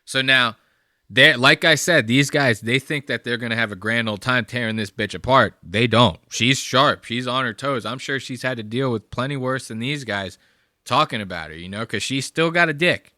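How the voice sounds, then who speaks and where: A man's voice: mid-range voice, moderate pace, sharp tone, no room sound, clean studio sound. A young man hosting a podcast, talking casually and profanely as he reacts to clips. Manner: profane, rambling. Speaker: podcast host.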